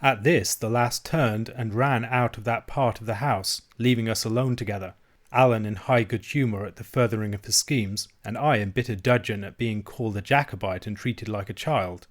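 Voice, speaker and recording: Reading a classic novel aloud from a script, this audiobook narrator has a lowish voice. He tells the story in a steady, measured, even manner.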